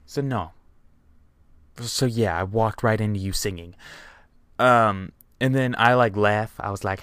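A man's voice: lowish voice, a little slow, long pauses, fairly bright tone, clean tone, no room sound. A young man casually telling a rambling, profanity-filled story.

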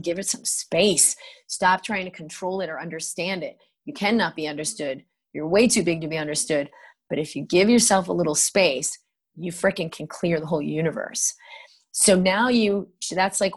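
A woman leading a tapping exercise in a podcast interview, giving soothing step-by-step instructions with lively asides. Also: fairly low pitch, breathy edge. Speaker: practitioner guest. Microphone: podcast microphone.

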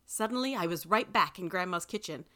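A woman reading a first-person story aloud in an expressive way. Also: lowish voice, a little fast. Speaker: reader.

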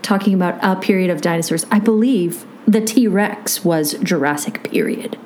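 A woman's voice: lowish voice, moderate pace, a little mellow, slight background noise. Plain-spoken woman podcast co-host. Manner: opinionated, plain-spoken, a little sarcastic. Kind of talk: casual chat.

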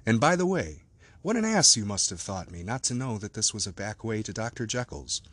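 A frank, plain-spoken gentleman speaks wryly in a storybook reading, as a man reading aloud puts him on. His voice stays low. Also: very animated, brisk, no room sound.

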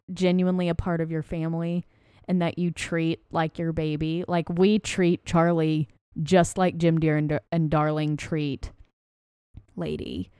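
Smooth-voiced chatty woman, low-pitched. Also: darkish tone, no room sound, clean studio sound. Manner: chatty, gushing, emphatic. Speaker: podcast co-host. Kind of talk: casual chat about a film.

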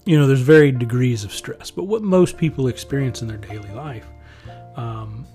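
A man's voice: mid-range voice, expressive, normal speed, dark tone, soft background music. Rambling, chuckling man in casual monologue. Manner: rambling and conversational, with frequent chuckles.

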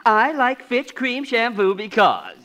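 A prim, dithering stockholder. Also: male voice, very high voice, huge pitch swings, slow, bright, forceful tone, exaggerated voice. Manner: hesitant, prim. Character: stuffy, absent-minded company stockholder. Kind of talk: 1940s radio acting.

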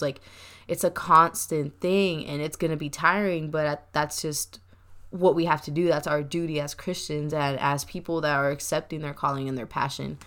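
Bright, chatty young woman host. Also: deep voice, fairly even intonation, moderate pace. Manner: chatty, laughing often, says y'all. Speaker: podcast host. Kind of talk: casual chat.

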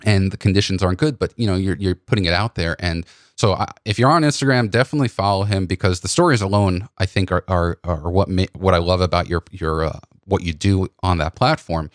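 Deep-voiced man telling stories on a podcast. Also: a little fast, dry recording, clean studio sound. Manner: animated, many restarts and fillers. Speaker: podcast host and photography workshop leader. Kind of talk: casual conversational storytelling.

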